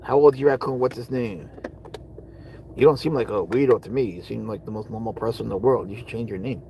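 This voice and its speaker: This livestream host talks fast in a medium-pitched, slightly mellow voice, answering viewer comments from his parked car with rambling replies that fade into mutters. The recording is low quality, with slight background noise.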